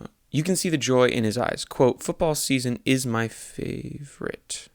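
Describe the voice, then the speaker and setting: A young man reading his own satirical newspaper articles aloud in a deadpan voice, stopping to correct his slips and swearing at them. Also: mid-range voice, normal speed, vocal fry, no echo, studio quality. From Texas. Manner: self-correcting reader who swears at his own mistakes.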